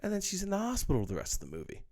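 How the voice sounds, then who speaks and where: A man's voice: high voice, wildly swooping pitch, rapid-fire, darkish tone. A man giving a casual, ranting film review, blunt and profane, with lots of fillers. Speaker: movie reviewer.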